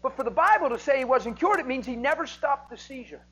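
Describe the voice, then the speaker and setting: Man preaching, from shouts to whispers. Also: very high-pitched, animated, quick pace, breathy edge, poor audio. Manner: swings from loud, emphatic preaching to hushed whispers. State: emotional. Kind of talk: sermon.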